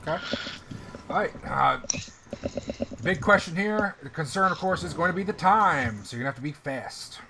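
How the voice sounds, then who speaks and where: A man's voice: on the high side, expressive, normal speed, creaky, long pauses, noisy background. A man running a tabletop game as game master, narrating casually with fillers.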